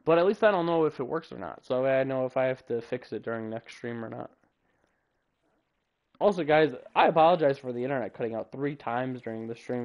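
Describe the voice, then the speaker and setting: A man's voice: medium pitch, highs cut off. Guy streaming a game, voice jumps all over the place, rambly and jokey, just talking to chat. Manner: rambling, joking, self-talking. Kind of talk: casual live-stream chat.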